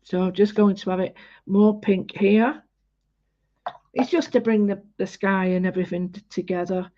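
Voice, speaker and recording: A woman giving a casual painting demonstration, chatty and halting with many fillers as she talks through each step. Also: mid-range voice, fairly even intonation, warm tone. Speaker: art tutorial host. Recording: dull lo-fi home recording.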